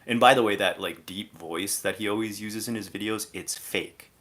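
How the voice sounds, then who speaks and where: Deep-voiced man ranting on a livestream. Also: normal speed, a bit bright. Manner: exasperated, critical rant full of "like" fillers. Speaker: live streamer. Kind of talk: casual live commentary.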